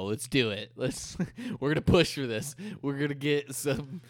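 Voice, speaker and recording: A man's voice: mid-range voice, a little slow, few pauses, dry recording, studio quality. A young man co-hosting a podcast, rambling and swearing through casual chat. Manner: crude, rambling, profane. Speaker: podcast co-host.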